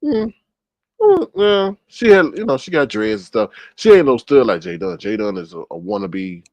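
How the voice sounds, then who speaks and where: A man's voice: medium pitch, darkish tone, no room sound. A man telling a story in casual commentary, gossipy, with dramatic exclamations. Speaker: commentary vlogger.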